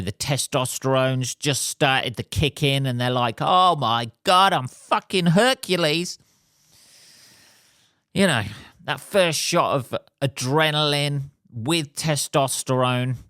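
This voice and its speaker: A middle-aged man, ranting through a story in a casual podcast monologue. He swears freely and gets animated. His voice sits at an ordinary pitch in a dry, close recording. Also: clear, resonant tone, dry recording. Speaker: podcast host.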